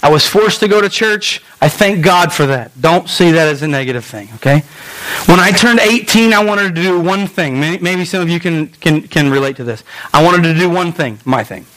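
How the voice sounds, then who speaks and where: A man in his thirties with a fairly high voice preaches to his congregation. His delivery is earnest and personal, and it leans into emotion. He repeats phrases to drive his points home. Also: expressive, normal speed, fairly bright tone, low-quality recording. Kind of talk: sermon. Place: room with a live congregation.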